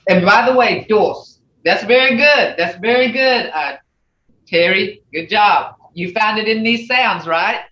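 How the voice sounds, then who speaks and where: A patient language teacher, talking slowly and going over each point more than once. The voice comes through a video call, sounding muffled and dull, set back from the mic in an echoey room. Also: mid-range voice, pushed and bright, distant mic. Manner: slow, repetitive, patient explaining. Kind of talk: online language class.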